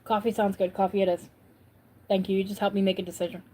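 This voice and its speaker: A woman's voice: mid-range voice, little pitch movement, quick pace, very noisy. A woman from upstate New York hosting a casual livestream, chatting and answering viewers' comments as she goes. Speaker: livestream host.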